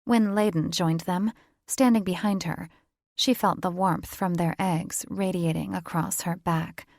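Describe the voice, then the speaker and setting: A woman narrating a fantasy romance audiobook in a measured, even storytelling manner. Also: on the low side, vocal fry, dry recording, studio quality. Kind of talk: scripted narration.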